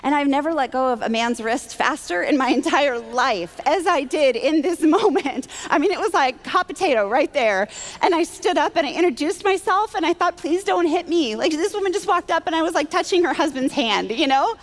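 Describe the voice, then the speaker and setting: High-voiced woman telling a testimony. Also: brisk. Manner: animated, self-deprecating, acts out her own thoughts. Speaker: Christian speaker. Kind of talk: personal testimony storytelling. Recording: long hall reverb.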